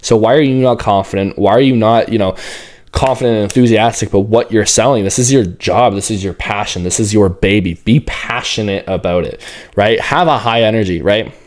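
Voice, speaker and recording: A young man talks straight to his camera and leans in as he coaches on sales. His delivery is energetic and loose, with casual swearing. When he acts out call openings his voice jumps higher and brighter. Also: fairly quick. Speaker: online fitness coach teaching sales. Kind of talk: casual talking-head coaching. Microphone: camera facing the speaker, leaning in.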